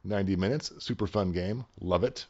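A man's voice: low-pitched, a little fast, a little mellow. A man co-hosting a podcast, casually reading out event listings with dry, joking asides. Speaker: podcast co-host. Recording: dull lo-fi sound.

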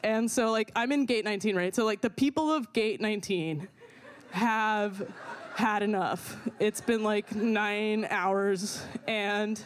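Animated woman telling a wild story. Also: medium pitch, slow. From not from America. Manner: animated, heavy use of "like", swearing, laughing through the story. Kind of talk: personal storytelling.

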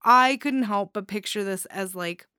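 A woman's voice: mid-range voice, a little slow, sharp tone, smooth, no room sound, clean studio sound. Giddy, chatty woman story-show host. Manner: chatty and giddy, laughs often, many fillers. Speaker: host reviewing listener-submitted stories. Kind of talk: casual commentary on stories.

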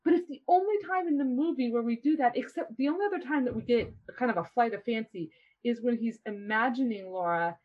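A woman chatting casually about a movie, retelling scenes with lively storytelling. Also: fairly high pitch, quick pace. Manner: animated storytelling, acting out scenes. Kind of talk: casual chat about a film. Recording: dull lo-fi sound.

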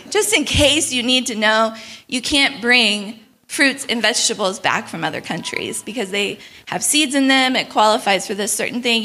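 Bright-voiced woman telling a story in a sermon. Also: fairly high pitch. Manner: animated, laughs often, acts out quoted voices. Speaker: speaker at a church gathering.

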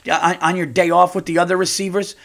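A man's voice: high-pitched, little pitch movement, fast talker, gravelly, fairly bright tone. Profane ranting man, raised voice. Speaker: podcast host. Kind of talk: solo podcast rant.

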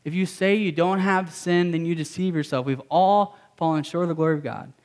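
A man's voice: fairly high pitch, a little fast, darkish tone. A man preaching a sermon as a pastor, emphatic and repetitive, mixing in casual slang.

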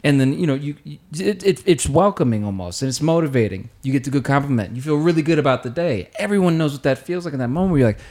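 Quick-talking, easygoing male podcast guest. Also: a little high, animated, a little mellow. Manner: easygoing, reflective, teasing. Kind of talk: casual podcast chat.

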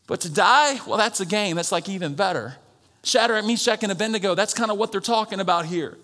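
A high-voiced man with a bright, ringing tone preaches a sermon in a church auditorium. He drops into hushed, confiding teaching, then climbs into shouted calls for an amen. He jokes with the congregation and speaks with a drawl. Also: a little fast. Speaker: pastor.

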